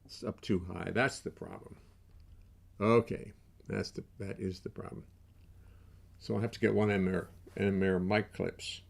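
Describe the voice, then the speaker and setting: A low, gravelly voiced older man chats casually on his own livestream, talking into a desk mic in his home studio. His manner is wry and self-mocking, full of restarts and asides, with a slight rasp and fry under the words. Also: steady tone, measured pace, pauses often. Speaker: musician hosting a livestream. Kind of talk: casual rambling livestream chat.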